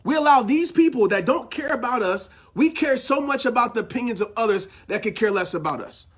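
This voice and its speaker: A man's voice: very high voice, lively intonation, a little fast, a bit bright, slightly rough. A man giving an impassioned motivational talk, fired up and preachy, hammering home his points by repeating phrases. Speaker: motivational speaker.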